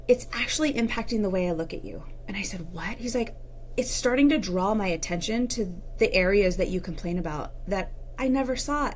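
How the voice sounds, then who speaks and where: A woman's voice: on the high side, slight background noise. A woman in her thirties, a relationship coach talking candidly to viewers on a live stream. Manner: chatty and candid, addresses viewers directly.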